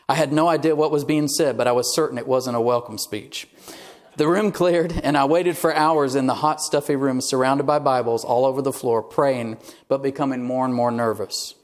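A male pastor delivering a sermon, telling a story in a conversational way and reading quoted passages aloud. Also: mid-range voice.

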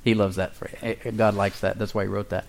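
A pastor preaching a sermon to his congregation, calling for responses and slowing down to read scripture aloud. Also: fairly low pitch, little pitch movement, gravelly.

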